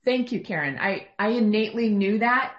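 A woman in a class thanking the teacher, speaking haltingly. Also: medium pitch, animated, roomy sound, dull audio. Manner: halting, grateful. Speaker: student in the class.

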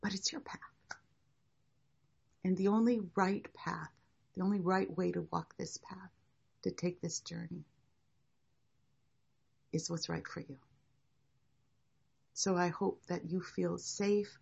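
An older woman teaching a class, speaking in a gentle, encouraging and unhurried way. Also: lowish voice, gravelly, slightly rough, dull audio. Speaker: meditation teacher. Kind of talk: guiding a class.

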